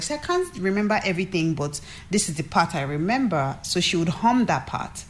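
A woman from Nigeria, a record executive, telling a story in an interview in an animated, chatty way with many fillers and quoted asides. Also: fairly low pitch, a little fast, few pauses, slight background noise.

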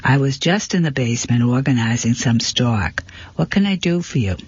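A man voicing a fussy middle-aged male antique dealer who mutters and apologizes, in a husky voice on a dull, dry recording. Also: medium pitch, lively intonation, normal speed, no room sound.

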